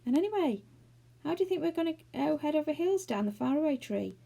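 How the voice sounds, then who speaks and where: A woman's voice: sits high, lively intonation, fast, creaky, dark tone, voice pushed up. A woman voicing a growly teddy bear in a storybook. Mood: glum. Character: round fat teddy bear, once a moon-faced man.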